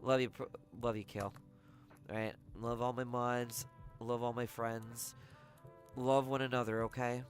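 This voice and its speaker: A livestreamer in casual chat with viewers, talking softly and haltingly with many pauses, sounding heartfelt. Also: medium pitch, level tone, faint music behind. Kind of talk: casual chat to a live audience.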